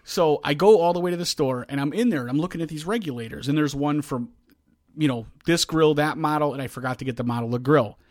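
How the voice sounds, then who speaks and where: A man's voice: a little high, fast talker, no echo, studio quality. Man telling a rambling grill story. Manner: animated, yells when reenacting. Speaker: podcast host. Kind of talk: casual storytelling.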